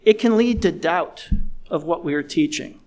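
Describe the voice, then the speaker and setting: Earnest man preaching a measured sermon. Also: on the high side, lively intonation, darkish tone. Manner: measured, earnest, slows down for emphasis.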